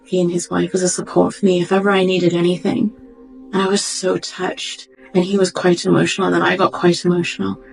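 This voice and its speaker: A woman doctor giving a reflective, heartfelt personal testimony, pausing and searching for words as she goes. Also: on the low side, little pitch movement, creaky, poor audio. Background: faint background music.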